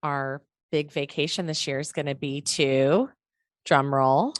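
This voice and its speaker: A woman's voice: low-pitched, steady tone, a little slow, dry recording, studio quality. A woman from Atlanta with a Southern accent, chatting upbeat as a podcast guest. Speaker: podcast guest, professional organizer. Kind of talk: casual podcast chat.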